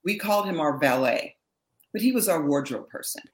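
Animated woman storyteller, lowish voice. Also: a little fast, echoey room, poor audio. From Berkeley, California. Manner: animated storyteller, laughs often. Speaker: guest, session singer. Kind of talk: casual interview chat.

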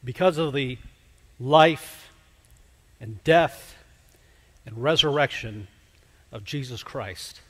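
A man preaching a sermon, slow and emphatic, dropping to a hush at key words. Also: medium pitch. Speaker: pastor. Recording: long hall reverb.

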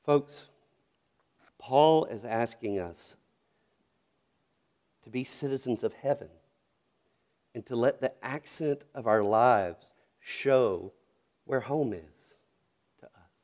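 A man's voice: medium pitch, slow pace, long pauses, a little mellow. A middle-aged man from North Carolina, a pastor preaching a sermon with storytelling and earnest questions.

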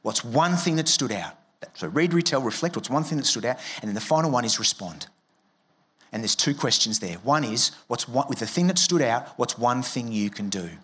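A man's voice: mid-range voice, expressive, brisk, fairly bright tone, breathy edge. A man preaching a sermon as a pastor, conversational and joking, acting out quoted voices. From Australia.

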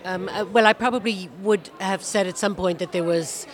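A woman talks with dry, self-mocking humour, hedging with little fillers and light laughs. Her pitch sits in a middle range. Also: steady tone, normal speed, a faint crowd. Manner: wry, self-deprecating, chuckling asides. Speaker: author guest. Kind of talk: casual interview answers.

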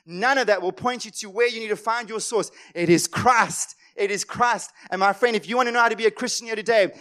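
Male pastor, high-pitched, passionate sermon delivery with sharp loud-soft swings. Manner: impassioned, swings between loud emphatic lines and quiet asides; acts out voices of worried people.

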